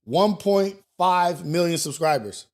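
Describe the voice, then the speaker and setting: A man hosting a morning talk show, thinking out loud in a loose, profane way with many restarts. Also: sits high, expressive, takes it slowly. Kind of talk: casual talk show commentary.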